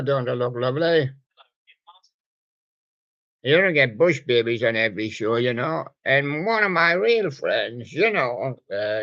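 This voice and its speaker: Slow, rambling, pun-loving male host of a home radio show, chatting about soft toys; dull, lo-fi sound. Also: medium pitch, no echo. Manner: rambling, jokey, fond of puns. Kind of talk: casual chat showing soft toys.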